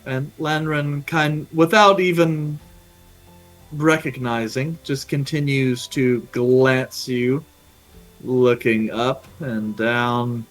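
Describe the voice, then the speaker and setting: Slow-paced man narrating as game master. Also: medium pitch, steady tone, faint music behind, rough recording. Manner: unhurried, full of fillers.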